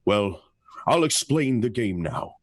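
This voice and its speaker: A man's voice: fairly low pitch, animated, slow, pitched below the performer's own voice. A man reading a flustered chatty hostess. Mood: fluttery. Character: fussy middle-aged hostess, flustered and chatty. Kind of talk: amateur radio-play reading.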